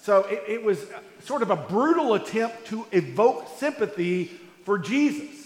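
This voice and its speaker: A man's voice: high-pitched, very animated, measured pace. A male pastor preaching a sermon in a conversational way, asking rhetorical questions and restarting his phrases. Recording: echoey hall.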